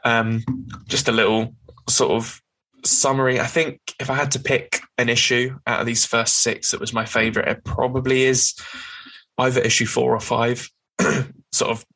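Steady man recapping comics. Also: medium pitch, moderate pace, poor audio. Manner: rambling plot recap with many fillers. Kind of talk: casual comic-book discussion podcast.

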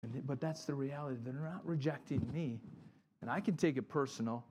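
A man's voice: mid-range voice, brisk, slight background noise. A middle-aged man, a pastor, giving a conversational sermon and acting out the people in his stories. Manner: animated storytelling, acts out quotes.

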